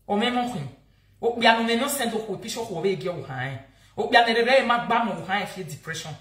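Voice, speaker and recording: A woman's voice: fairly high pitch, animated, quick pace, a bit bright, echoey room. Angry Nigerian woman ranting. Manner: angry, insulting, repetitive scolding. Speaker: social media vlogger. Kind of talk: heated live-video rant.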